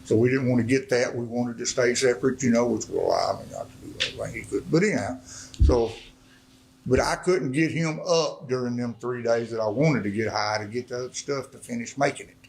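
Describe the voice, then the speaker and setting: A man's voice: mid-range voice, a little fast, gravelly, a little mellow, a little hiss or hum, rough recording. A middle-aged man, from Arkansas, telling his life story as a guest speaker in a church service. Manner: folksy storytelling, swelling to impassioned preaching. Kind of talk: testimony sermon.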